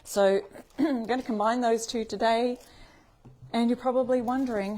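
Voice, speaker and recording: A woman's voice: a little high, steady tone, moderate pace, a little mellow. Chatty Australian woman hosting a craft live. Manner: chatty, greets viewers by name. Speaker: craft tutorial host. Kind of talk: live-stream tutorial chat.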